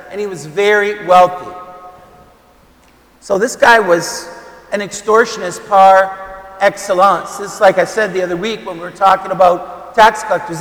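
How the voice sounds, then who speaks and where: A man's voice: high voice, fairly bright tone. A man, a Catholic priest, giving a conversational homily with fillers and emphatic repetition. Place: church. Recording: echoey church with long reverb.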